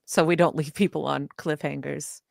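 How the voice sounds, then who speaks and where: A woman co-hosting a podcast in relaxed, casual chat, speaking to listeners as "y'all.". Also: deep voice, moderate pace, gravelly, no echo, studio quality. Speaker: podcast co-host.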